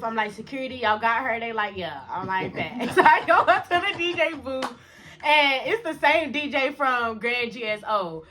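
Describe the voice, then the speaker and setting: Bright animated young woman telling a story. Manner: animated, slangy, acts out dialogue with big pitch jumps and laughs. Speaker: vlogger. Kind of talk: storytime vlog.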